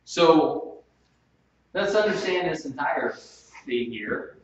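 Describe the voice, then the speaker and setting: A pastor preaching a sermon, swinging from soft, slow stretches to sudden loud bursts. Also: male voice, a little high, lively intonation. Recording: echoey room, distant mic, dull sound.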